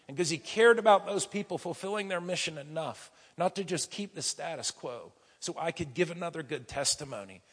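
A pastor from the United States preaching a sermon, telling stories vividly and swinging from hushed to loud. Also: male voice, on the high side, slightly rough. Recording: long hall reverb.

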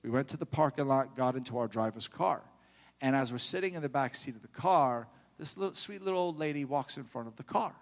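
A middle-aged man preaching a fervent sermon in church, building to loud exhortation. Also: mid-range voice, lively intonation, brisk, big-room sound.

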